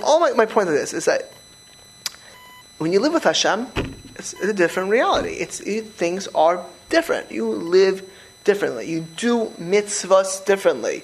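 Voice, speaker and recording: A middle-aged man talking in a casual conversation, animated and emphatic, often restarting his sentences. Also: sits high, moderate pace, slight background noise, poor audio.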